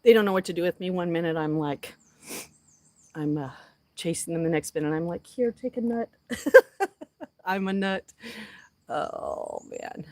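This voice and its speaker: A woman's voice: fairly low pitch, steady tone, unhurried, pauses often, no echo. A woman chatting casually and emotionally to a live audience while outdoors. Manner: emotional, heartfelt, talks softly to animals. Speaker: vlogger talking to a live audience. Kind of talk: casual livestream chat.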